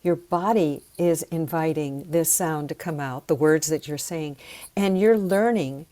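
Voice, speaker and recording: Woman, sound healing teacher, low voice, slow soothing guidance. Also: mellow. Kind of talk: guided breathing and voice exercise.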